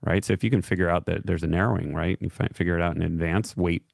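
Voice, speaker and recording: A man's voice: low-pitched, fairly even intonation, fast talker, creaky, no room sound, studio quality. A man co-hosting a show, chatting about the news with wry, sarcastic quips. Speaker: show co-host. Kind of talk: casual news chat.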